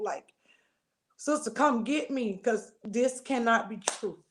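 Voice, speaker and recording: A middle-aged woman tells her story as a guest in an interview. Her voice sits fairly high, and she delivers an expressive testimony, slipping into the voices of the people she quotes. She calls the listener "honey" and "baby" as she speaks. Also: takes it slowly, long pauses.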